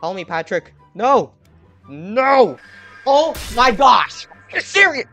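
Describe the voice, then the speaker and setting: High-voiced excitable male gamer. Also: soft background music. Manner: excitable, yells at teammates, quick swings from muttering to shouting. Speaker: gaming channel host. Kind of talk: live gameplay commentary.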